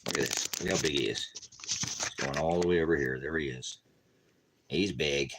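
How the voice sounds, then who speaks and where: A man's voice: rumbling low, moderate pace, background noise. A man preaching casually on a live stream from home, rambling, joking and talking to his dogs.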